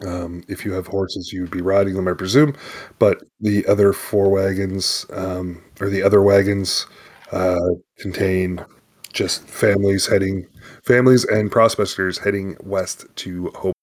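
A man narrating as game master of a western tabletop game, halting and loose. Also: sits low, level tone. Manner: halting, with many fillers and restarts.

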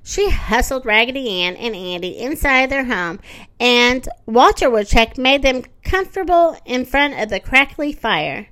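A woman reads a children's story aloud. Her delivery is expressive, and her fairly high voice rises and falls a great deal. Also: unhurried. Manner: expressive, lively.

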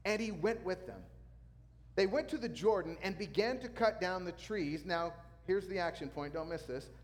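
A male pastor preaching a sermon, telling a story with lively sound effects. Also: sits high, normal speed, big-room sound.

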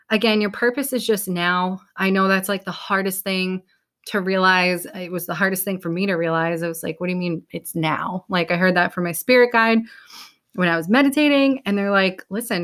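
A woman's voice: mid-range voice, fairly bright tone. Young new woman, peppy motivational podcast talk, casual, swears a bit. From New England. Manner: upbeat, casual, swears now and then. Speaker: podcast host.

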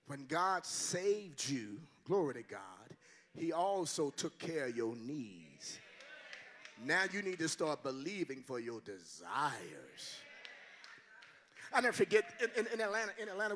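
An older man preaching a sermon as a guest pastor, shouting in call-and-response. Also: fairly high pitch, very animated, measured pace.

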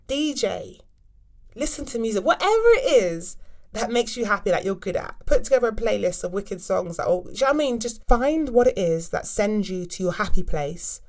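A woman and mother chatting casually to camera, sharing frank wellbeing advice with quick asides. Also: medium pitch. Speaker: mum vlogger giving wellbeing tips.

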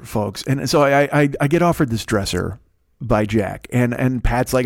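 A man's voice: medium pitch, moderate pace, creaky. A man with a Chicago accent and a radio voice, hosting a solo comedic podcast rant, rambling and profane with frequent restarts. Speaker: podcast host.

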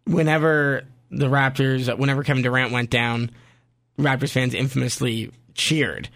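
A man from Canada co-hosting a sports podcast, chatting casually in animated bursts with quick asides. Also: mid-range voice, gravelly. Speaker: podcast co-host.

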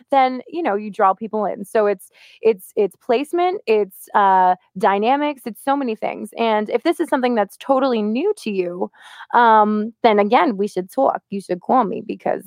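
A woman with a slightly high voice and a touch of vocal fry talks animatedly in a casual podcast chat. The sound is close and dry, with no room around it. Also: normal speed, no room sound. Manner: lively, animated, lots of laughs and vocal demos. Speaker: co-host, voice-over artist.

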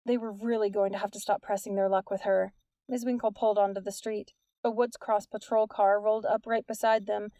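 A woman reading an audiobook in a measured, even narration. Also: medium pitch, dry recording. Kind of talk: scripted narration.

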